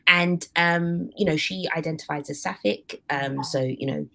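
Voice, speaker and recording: A woman's voice: deep voice, moderate pace, gravelly, a bit bright, slight background noise. A woman co-hosting a podcast, chatting casually with rambling asides and frequent laughter. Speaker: podcast co-host. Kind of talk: casual chat.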